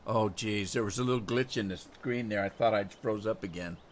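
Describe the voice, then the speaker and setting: A man's voice: fairly low pitch, fairly quick. A man casually chatting with his live chat while playing a game, rambling and answering questions as he goes. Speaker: gaming streamer. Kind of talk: casual live-stream commentary. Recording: noisy game audio behind.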